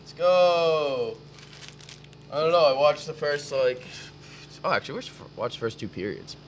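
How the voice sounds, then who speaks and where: A man's voice: on the high side, animated, normal speed, a little hiss or hum. A man co-hosting a casual podcast, blunt and joking, swearing freely. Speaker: podcast co-host. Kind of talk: casual chat.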